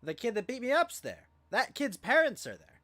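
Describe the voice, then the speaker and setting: A man casually telling a profane, rambling story on a livestream, with lively acted quotes and many fillers. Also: extremely high pitch, normal speed. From California. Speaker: podcast co-host.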